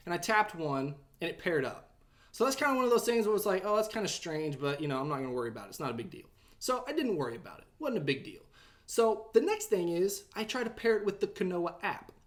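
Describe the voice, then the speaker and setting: A young man hosting a tech review vlog, telling a story time review quickly and quoting himself in a raised voice. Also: fairly high pitch. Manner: animated, talks fast, quotes himself in a raised voice.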